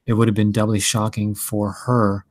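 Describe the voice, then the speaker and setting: A man's voice: fairly low pitch, flat delivery, moderate pace, dry recording. A man hosting a casual talk, asking curious questions and rambling with self-interruptions. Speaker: podcast host.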